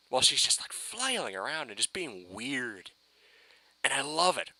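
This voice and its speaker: A man ranting excitedly in a casual fan review, rambling and swearing with many restarts. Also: mid-range voice, vocal fry, dry recording, rough recording.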